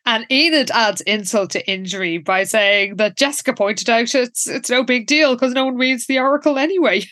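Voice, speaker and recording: Lady recapping a story on a podcast, a bit high voiced, dry close sound. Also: moderate pace, a bit bright, dry recording. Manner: narrates plot steadily with light laughs. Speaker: podcast co-host. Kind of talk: casual recap chat.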